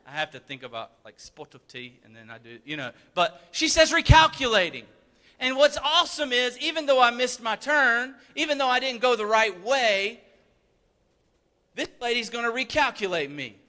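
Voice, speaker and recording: A man's voice: very high voice, sing-song, normal speed, pushed and bright. A man pastor delivering a sermon in a church, talking earnestly and conversationally, often repeating words for emphasis. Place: church sanctuary. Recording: reverberant church hall.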